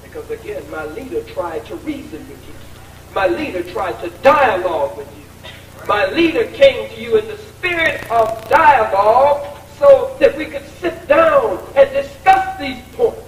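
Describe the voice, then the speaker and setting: A man's voice: extremely high pitch, big pitch swings, a little slow, a little hiss or hum. A man giving a combative, taunting public speech with a preacher-like cadence at a college event. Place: large college lecture hall. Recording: echoey hall recording from far off.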